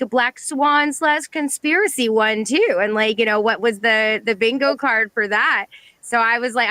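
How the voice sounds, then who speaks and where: Bright, dry-sounding woman musing aloud. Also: mid-range voice, no room sound, rough recording. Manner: musing, filler-heavy, earnest. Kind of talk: casual live audio chat.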